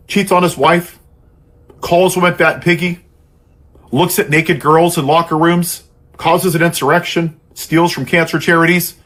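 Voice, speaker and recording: Man, high-pitched, husky, angry sarcastic monologue. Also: fairly bright tone. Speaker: political commentator. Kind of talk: impassioned monologue.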